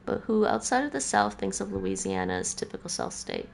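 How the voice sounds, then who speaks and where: A woman's voice: mid-range voice, huge pitch swings, brisk, vocal fry, a little hiss or hum. Chatty woman streamer, laughs often. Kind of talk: casual chat while gaming.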